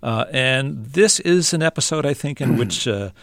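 A man hosting a radio interview, setting up clips in a measured way. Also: mid-range voice, animated, vocal fry, fairly bright tone, no echo, clean studio sound. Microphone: studio microphone.

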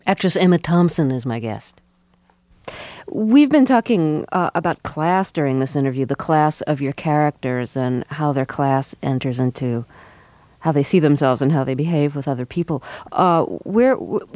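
A woman hosting a radio interview, introducing her guest and asking measured questions. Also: low voice, expressive, mellow, no echo.

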